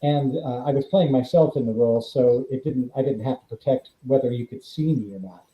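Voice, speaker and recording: A man's voice: medium pitch, a little fast, reverberant, dull audio. A middle-aged man, a former stuntman, tells stories as a guest in an interview, acting out the quoted dialogue. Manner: animated anecdote-telling, acts out quoted dialogue. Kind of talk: storytelling in a podcast interview.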